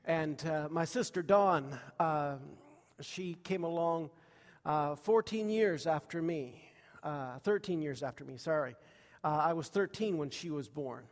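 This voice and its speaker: A man's voice: on the high side, unhurried, long reverb tail. A man preaching a sermon to a congregation, telling childhood stories in a folksy way with many fillers and questions to the room. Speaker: pastor.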